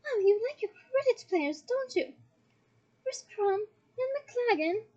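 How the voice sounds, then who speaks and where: A woman's voice: extremely high pitch, expressive, slow, dark tone, pitched above the performer's own voice, exaggerated voice. Woman doing a chatty gossiping schoolgirl. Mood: eager. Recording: dull lo-fi recording.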